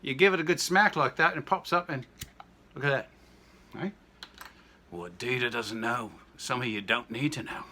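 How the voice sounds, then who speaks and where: A man's voice: mid-range voice, normal speed, background noise. A man in his sixties chatting casually through a home cocktail demo, rambling into jokey asides and anecdotes. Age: 60s. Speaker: home cooking vlogger. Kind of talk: casual kitchen demo chat.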